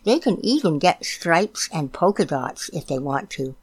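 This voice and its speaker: A woman reading a children's picture book aloud, gently explaining things for young listeners. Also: sits low, sing-song, a little slow, husky. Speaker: storytime reader.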